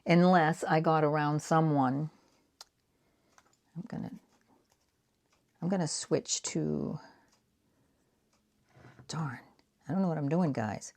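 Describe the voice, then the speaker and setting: A woman's voice: sits low, slow pace, creaky, long pauses, a little mellow. A woman in her sixties with a Boston accent, chatting casually and rambling while she makes art prints. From Boston area. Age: 60s. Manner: rambling, self-deprecating, talks while painting. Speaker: art vlogger. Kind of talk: casual craft chat while working.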